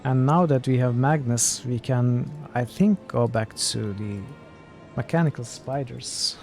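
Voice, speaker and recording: A man's voice: mid-range voice, a little slow, faint music behind. A male streamer giving casual, musing let's-play commentary at his computer. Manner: relaxed, musing, laughs easily. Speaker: game streamer.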